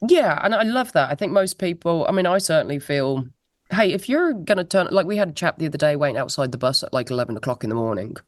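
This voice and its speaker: A woman's voice: low-pitched, lively intonation, fast, dry recording, clean studio sound. A woman, a musician guest telling anecdotes in a chatty, laughing way over a laptop video call. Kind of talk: casual interview chat.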